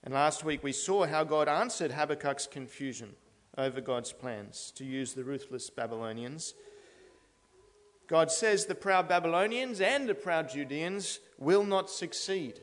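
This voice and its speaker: A slightly raised, expressive male voice carries a little slowly through an earnest expository sermon in church. He builds steadily toward emphatic declarations as his words echo with the long reverb of a large hall.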